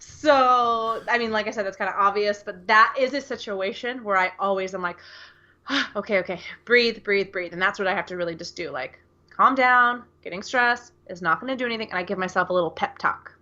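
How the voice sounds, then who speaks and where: On dull-sounding audio, an American woman co-hosting a podcast chats in a rambling, filler-heavy way. She talks a little fast in a medium-pitched voice that sounds pushed and bright.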